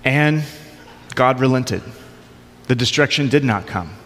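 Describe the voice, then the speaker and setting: A man's voice: medium pitch, a little slow, a bit bright, a little hiss or hum. A male pastor preaching a sermon in a conversational, informal way with light humor. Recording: long hall reverb.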